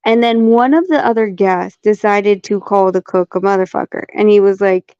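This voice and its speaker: A woman's voice: mid-range voice, moderate pace, dark tone, clean tone, no echo, muffled recording. A woman from the United States, a guest in a casual chat, talking bluntly and swearing as she tells stories. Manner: blunt, swears, chatty storyteller.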